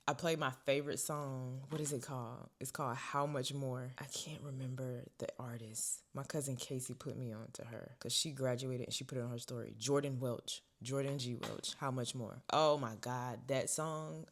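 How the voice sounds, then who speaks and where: With a rumbling low voice at a moderate pace, a young woman vlogger recounts something from her own life. Her casual, expressive delivery drops to whispers and swells into loud bursts.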